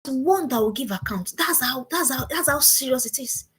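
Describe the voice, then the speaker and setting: A woman's voice: high-pitched, expressive, moderate pace, a bit bright, slight background noise. A middle-aged woman, a parenting coach, gives an emphatic seminar talk and repeats her key points as commands.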